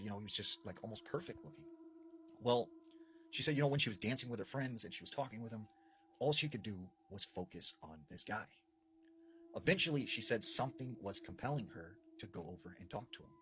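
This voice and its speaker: Man, casual scary storytelling, low voice, lively, faint ambience behind. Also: a little hiss or hum, low-quality recording. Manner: animated, conversational with frequent fillers.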